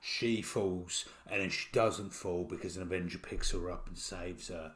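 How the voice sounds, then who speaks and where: A man with a British accent co-hosting a podcast, talking in a relaxed, thoughtful way with many fillers. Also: deep voice, moderate pace. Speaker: podcast co-host. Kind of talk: casual chat.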